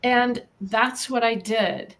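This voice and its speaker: A middle-aged American woman with a fairly high voice talks as an interview guest. She tells her story in an earnest, lively way and encourages the listener. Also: takes it slowly. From United States. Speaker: guest, animal communicator. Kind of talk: casual interview talk.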